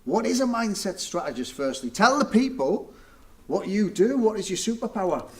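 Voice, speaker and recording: A man's voice: sits high, sing-song, normal speed. Playful guy hosting an interview, voice jumps around a lot. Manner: playful, teasing. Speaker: podcast host. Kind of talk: casual interview chat.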